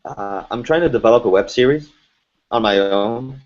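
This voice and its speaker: A man telling animated stories in a relaxed interview, his faint foreign accent hard to pin down. His voice sits at an ordinary middle pitch. The recording is dull and lo-fi, like an online podcast. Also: normal speed. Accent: faint foreign accent, hard to place. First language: French or Arabic. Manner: animated storyteller, laughs often. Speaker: voice actor guest. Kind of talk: casual interview chat.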